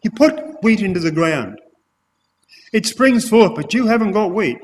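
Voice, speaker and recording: Guy preaching a sermon, repeats stuff for emphasis, kinda high voice, big echoey hall. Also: big pitch swings, measured pace. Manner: emphatic, repeats key phrases, spells out words; addresses hearers as ladies and gentlemen. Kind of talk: expository sermon. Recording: long hall reverb.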